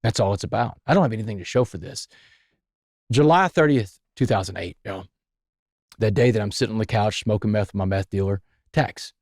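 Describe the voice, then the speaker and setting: Man, podcast guest, low pitch, vivid storytelling, dry mic. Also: brisk, darkish tone, no echo. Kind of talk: telling his life story in conversation.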